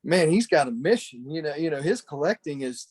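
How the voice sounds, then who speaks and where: Man, former wrestler, fairly high voice, rambling casual storytelling, lots of "you know", video call. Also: animated, brisk, a little mellow, slightly rough. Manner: chatty, talkative storyteller. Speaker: former pro wrestler, podcast guest. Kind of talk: casual memorial reminiscing. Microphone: video call camera.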